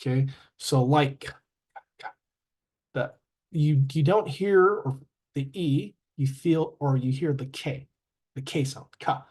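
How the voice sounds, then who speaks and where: Slow, halting male English teacher. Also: fairly high pitch, a little mellow, breathy edge. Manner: halting, with many ums and self-corrections; sounds out word endings slowly. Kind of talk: classroom grammar lesson.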